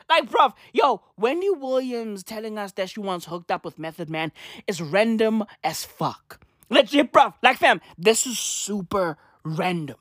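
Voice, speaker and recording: A woman's voice: medium pitch, expressive, measured pace, a bit bright, no echo, studio quality. A woman delivering a profane, ranting vlog monologue, piling on slang fillers and repeated curses. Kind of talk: profane rant to camera.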